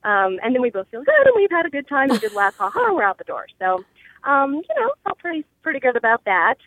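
Lively woman caller. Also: high-pitched, no echo, rough recording. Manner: animated storyteller, bursts into a fast singsong auctioneer patter. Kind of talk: phoned-in voice message.

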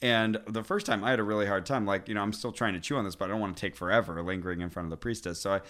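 A man's voice: fairly low pitch, steady tone, racing, fairly bright tone. A man co-hosting a podcast, chatting casually and telling a rambling, self-deprecating story with little chuckles. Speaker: podcast co-host. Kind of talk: casual chat.

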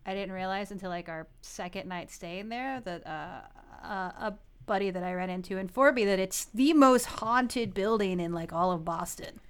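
A woman's voice: medium pitch, normal speed, few pauses, smooth. A woman in her thirties co-hosting a podcast, telling a story in a giggly, rambling way, full of "like"s. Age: 30s. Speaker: podcast co-host. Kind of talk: casual chat.

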